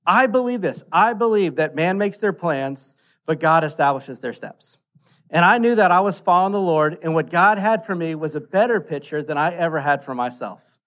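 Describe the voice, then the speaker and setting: A man, preaching a casual, animated story-driven sermon full of "like" fillers. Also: on the high side, normal speed. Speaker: pastor.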